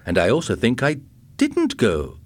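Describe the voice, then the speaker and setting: A man's voice: mid-range voice, wildly swooping pitch, measured pace, pitched above the performer's own voice. A man reading aloud and voicing a frightened, confused man whose voice shakes as he doubts his own memories. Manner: shaky, desperate.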